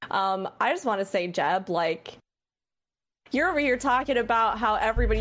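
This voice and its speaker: A woman guesting on a casual podcast, speaking earnestly and sincerely to the host. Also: mid-range voice.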